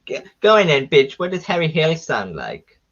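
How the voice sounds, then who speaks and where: A man's voice: a little high, wildly swooping pitch, moderate pace, a bit bright, lo-fi sound. A man hosting a casual online game show, camp and teasing, swearing freely and calling the others darling. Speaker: host.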